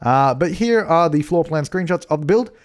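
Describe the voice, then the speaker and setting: A man's voice: fairly high pitch, expressive, moderate pace. A man casually narrating a home-building game video, rambling and correcting himself with jokey asides. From Australia. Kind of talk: casual gameplay commentary.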